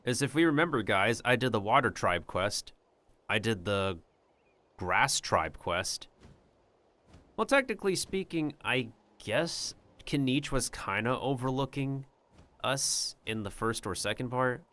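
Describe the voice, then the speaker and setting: A man's voice: mid-range voice, expressive, a little slow, pushed and bright. A man doing casual gameplay commentary on a livestream, rambling and joking with his chat. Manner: rambling and jokey, talks to his chat and slips in joke drawls.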